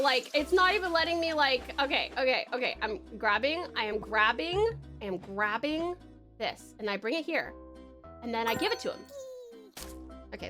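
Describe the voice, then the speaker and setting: Very high-voiced Australian woman streamer. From Tasmania, Australia. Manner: frantic, swears a lot, laughs often. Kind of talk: casual gameplay commentary.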